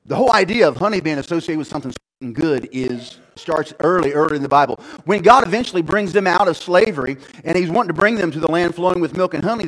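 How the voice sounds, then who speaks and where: A middle-aged male pastor delivering a sermon, his voice sitting a touch high. He talks casually, like he is chatting with the congregation, then climbs into loud, raised bursts before settling back down. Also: rough recording. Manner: conversational preaching that swings from low and quiet to loud, high-pitched emphasis.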